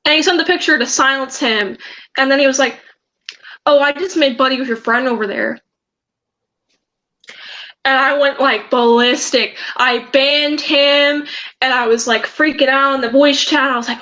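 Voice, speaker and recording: A woman's voice: high voice, normal speed, sharp tone, rough recording. A teenage girl vlogger telling a story in a rambling, agitated way, with many restarts. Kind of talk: storytime vlog.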